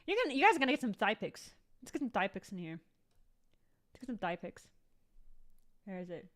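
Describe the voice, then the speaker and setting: A woman's voice: medium pitch, sing-song, brisk. A young woman vlogging in casual chat to her viewers, rambling and swearing freely.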